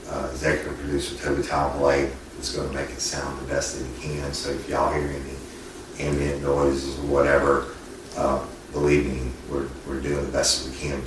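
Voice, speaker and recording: Very deep-voiced man, folksy host. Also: completely flat delivery, normal speed. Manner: folksy, rambling, with many restarts. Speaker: podcast host interviewer. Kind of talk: casual interview on location. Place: on location with a family, not in a studio. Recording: echoey room, far mic, background noise.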